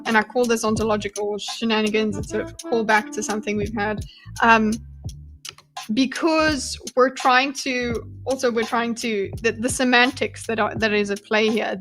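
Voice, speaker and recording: A woman's voice: a little high, a bit bright. A woman hosting a live stream, casually reacting to a debate video, thinking aloud and greeting her chat. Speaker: commentary streamer.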